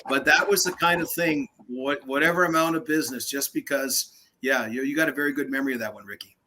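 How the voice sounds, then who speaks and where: A man's voice: mid-range voice, fast talker, background noise. An older man, a veteran hockey broadcaster, telling anecdotes in a casual interview and acting out the voices he quotes.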